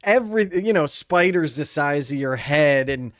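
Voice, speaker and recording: A man's voice: fairly high pitch, animated, moderate pace, fairly bright tone, no room sound, studio quality. A man hosting a podcast in casual conversation, laughing often and giving short replies while his guest talks. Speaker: podcast host. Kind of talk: casual chat.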